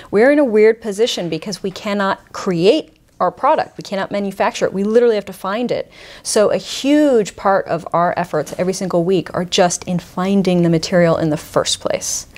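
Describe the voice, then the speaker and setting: A woman's voice: on the low side, darkish tone. A woman who deals in rare books, talking enthusiastically and thoughtfully in an interview. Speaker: rare book dealer, guest. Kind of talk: conversational interview.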